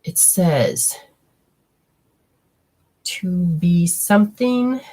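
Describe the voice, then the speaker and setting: A woman hosts a show as a psychic medium, relaying spirit messages in quick, fragmented bursts while talking casually and bluntly and swearing freely. Her lowish voice is warm, with lively intonation.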